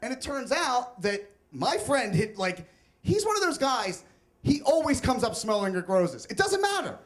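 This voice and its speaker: A man's voice: very high voice, very animated, moderate pace. A young man telling a comic, self-mocking personal story on stage at a live storytelling event.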